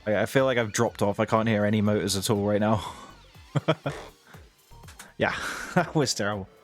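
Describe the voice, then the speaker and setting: A man's voice: fairly low pitch, moderate pace, faint music behind. Chatty British man streaming, laughs often. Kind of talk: casual live-stream chat to viewers.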